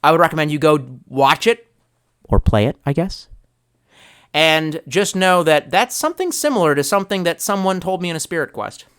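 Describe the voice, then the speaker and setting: A man's voice: fairly high pitch, animated, moderate pace, a bit bright, smooth. A young man streaming live, chatting loosely and swearing a lot, trailing off and restarting as he reads chat. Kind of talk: rambling casual stream chat.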